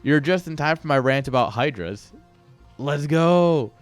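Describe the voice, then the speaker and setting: A man's voice: mid-range voice, lively intonation, brisk, dry recording, soft background music. A man casually commentating a live video game match, ranting and joking while chatting with viewers. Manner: rambling, ranting, jokey, chats with viewers. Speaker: esports caster and streamer.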